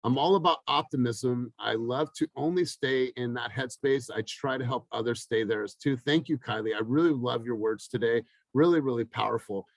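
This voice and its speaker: A man coaching his team in a motivational talk, energetic and emphatic, repeating phrases for effect. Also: medium pitch, moderate pace, creaky, hardly any pauses, dry recording, low-quality recording. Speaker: real estate team coach.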